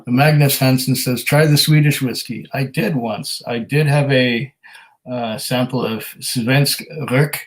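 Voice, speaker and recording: A man's voice: mid-range voice, steady tone, a little slow, low-quality recording. A man hosting a casual whisky livestream at home, reading viewer comments aloud in an easygoing, chatty way with frequent ums and restarts.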